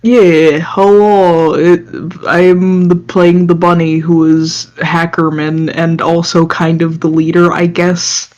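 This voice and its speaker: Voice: mid-range voice, little pitch movement, takes it slowly, few pauses, darkish tone. A player in a tabletop game chatting in a joking, offhand way. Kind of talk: casual game chat. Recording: dull lo-fi mic.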